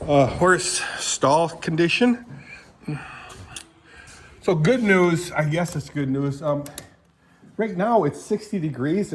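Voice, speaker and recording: A man's voice: mid-range voice, a little mellow, a little hiss or hum. An older man from Michigan chatting in a meandering vlog, full of fillers, talking to his animals around the house and horse stalls, recorded on a handheld phone. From Michigan, USA. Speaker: vlogger. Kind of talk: rambling casual vlog.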